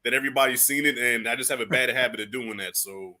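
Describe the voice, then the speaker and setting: A man's voice: mid-range voice, quick pace, pushed and bright. A man in his thirties, a movie reviewer, chatting casually on a livestream, laid-back and swearing, laughing often.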